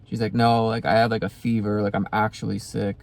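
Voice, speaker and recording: A man's voice: lowish voice, level tone, a little fast, creaky. Rambling young man telling a story. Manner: rambling, many "like" fillers, acts out quoted dialogue. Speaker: spiritual self-help vlogger. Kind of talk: casual storytelling to camera.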